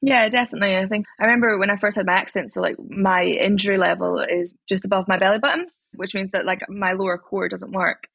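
A Scottish woman in her twenties, chatting in an interview and telling stories in an animated way with lots of fillers. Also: mid-range voice, fast, gravelly, few pauses, no room sound. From Scotland. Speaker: interviewee, athlete. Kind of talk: casual interview chat.

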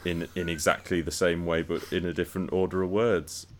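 Deep-voiced man in a halting podcast chat. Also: little pitch movement, a little hiss or hum. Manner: thoughtful, halting, many restarts and repeated words. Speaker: podcast co-host. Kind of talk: casual podcast discussion.

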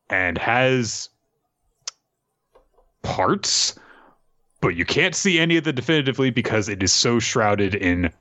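A man's voice: mid-range voice, bright, forceful tone. A young man hosting a casual podcast, recapping a story loosely with swearing and fillers. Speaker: podcast host. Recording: slightly dull, dry sound.

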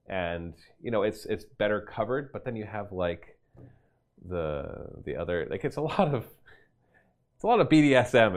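A man hosting a casual stream, answering viewer questions in an animated, chatty way and laughing easily. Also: low voice. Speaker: host and game master of a gaming store stream.

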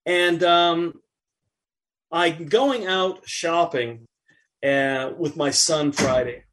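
A middle-aged man, a podcast guest, chatting casually and telling an animated anecdote while acting out what others said. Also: fairly high pitch, drawn-out words. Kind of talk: casual chat, storytelling.

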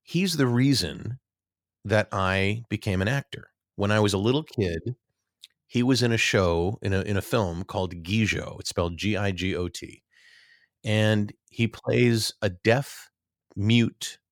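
A man's voice: fairly low pitch, a little slow, no echo, studio quality. A middle-aged man, an actor, telling rambling, self-deprecating stories in a casual interview, with many restarts.

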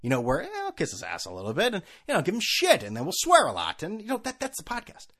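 A man's voice: wildly swooping pitch, fast talker, fairly bright tone. Rambling sarcastic man in his thirties. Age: 30s. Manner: sarcastic, rambling, mimics people in high mocking voices. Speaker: podcast host. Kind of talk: solo podcast monologue. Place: California.

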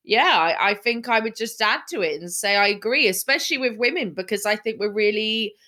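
A woman's voice: mid-range voice, lively intonation, a little fast, sharp tone. A woman in casual chat, wry and frank, laughing easily and swearing. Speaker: podcast co-host.

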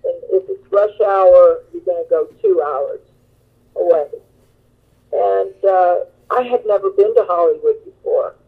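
A woman guitarist being interviewed, telling stories in a chatty, animated way with lots of fillers. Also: on the low side, measured pace, husky. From Long Beach, California. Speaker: guest musician, guitarist. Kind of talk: interview storytelling. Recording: tinny phone line.

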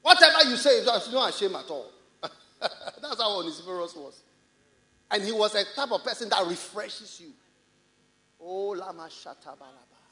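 High, bright-voiced Ghanaian preacher. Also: male voice, normal speed. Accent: Ghanaian English. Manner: animated, laughing, mimicking excuses in a high voice. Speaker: pastor. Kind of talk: sermon. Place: large church hall.

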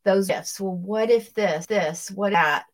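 A woman's voice: mid-range voice, takes it slowly. Conversational woman co-host. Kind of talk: casual talk, leading prayer.

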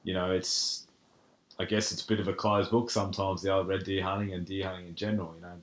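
A man's voice: sits low, little pitch movement, quick pace. An Australian man hosting a podcast, chatting casually and calling his guest mate. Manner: laid-back, says mate a lot. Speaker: podcast host.

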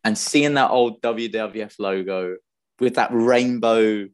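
A man's voice: fairly low pitch, slow, smooth. Enthusiastic man in his thirties. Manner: enthusiastic, nostalgic fan talk. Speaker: guest. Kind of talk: casual chat.

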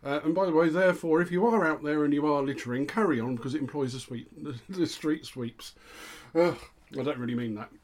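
A man's voice: fairly high pitch, a little fast. A middle-aged man co-hosting a local podcast, dry and self-deprecating in his jokes. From England. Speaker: co-host. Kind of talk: casual chat.

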